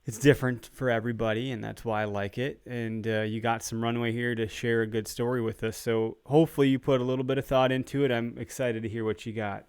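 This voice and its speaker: A man hosts a live stream in a cheerful, joking way, chatting easily with his guest. His voice sits in an ordinary middle pitch. The sound is dry and close, with no room echo. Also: little pitch movement, quick pace, hardly any pauses, darkish tone, clean tone. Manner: upbeat, jokey interviewer who laughs often. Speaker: show host. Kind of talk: casual live-stream conversation.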